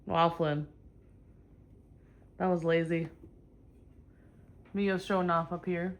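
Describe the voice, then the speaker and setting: A woman's voice: fairly low pitch, little pitch movement, takes it slowly, pauses often, lo-fi sound. A woman vlogging casually at home, cooing and baby-talking to her cats. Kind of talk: casual chat. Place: home, indoors.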